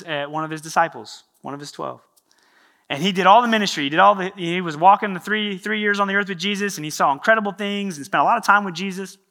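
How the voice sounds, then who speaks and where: Ein Prediger mit hellem, kraftvollem Ton und eher hoher Männerstimme erzählt lebhaft biblische Geschichten. Er wechselt zwischen Nachdruck und ruhigeren Passagen und spielt dabei die Figuren mit. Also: male voice, high-pitched. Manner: animated, storytelling with acted-out quotes. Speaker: pastor. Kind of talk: sermon.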